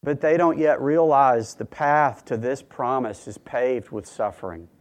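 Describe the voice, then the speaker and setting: A man preaching a sermon in a measured, earnest way, with dramatic pauses. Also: medium pitch.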